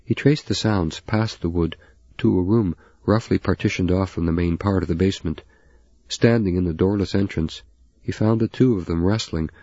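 A deep, husky man narrates a novel at a steady, even pace. The sound is very dry and slightly dull. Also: no echo. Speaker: audiobook narrator. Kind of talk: scripted narration.

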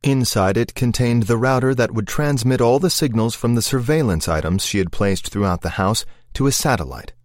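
A man reading a suspense novel aloud in a measured, tense manner. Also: medium pitch, no room sound, clean studio sound. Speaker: narrator. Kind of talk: audiobook thriller narration.

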